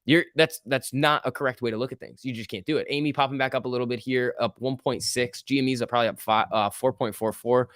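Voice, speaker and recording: A man hosting a live stock market stream, talking casually and reacting to viewers in chat with slangy, animated commentary. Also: medium pitch, fast, few pauses, no echo, studio quality. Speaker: stock market livestream host.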